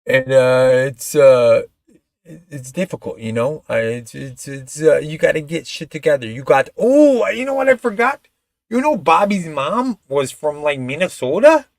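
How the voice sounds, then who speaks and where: A man's voice: on the high side, expressive, moderate pace, vocal fry, dry recording. Loose, profane male streamer with a slightly raised voice; dry, close recording. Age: adult father of a toddler. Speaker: live streamer. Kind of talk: casual live-stream chat.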